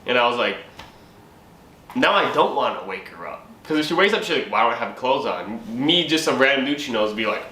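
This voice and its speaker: Bright-voiced young man telling a comic story. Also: mid-range voice, expressive, a little fast. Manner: profane, laughing, acts out his own quotes. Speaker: channel host. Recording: echoey room with faint ambient noise.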